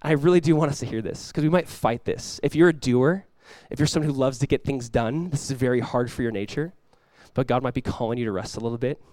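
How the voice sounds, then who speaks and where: A man's voice: mid-range voice, fast, hardly any pauses, darkish tone, no echo. A man preaching a sermon as pastor, talking casually with the congregation and rising into emphatic bursts.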